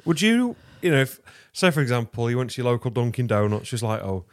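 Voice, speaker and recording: A man co-hosting a podcast, reading out odd news stories with dry, deadpan banter. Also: mid-range voice, fast, dry recording. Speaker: podcast co-host.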